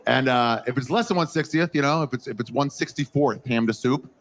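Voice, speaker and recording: A young man doing a stand-up comedy set, telling a story with lively crowd work and swearing, recorded live on stage. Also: mid-range voice, a little fast.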